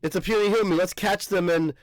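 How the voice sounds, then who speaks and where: A man voicing a cocky, rowdy giant boy who talks in a loud, taunting way. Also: high-pitched, fairly even intonation, brisk, dry recording, pitched above the performer's own voice, lightly acted.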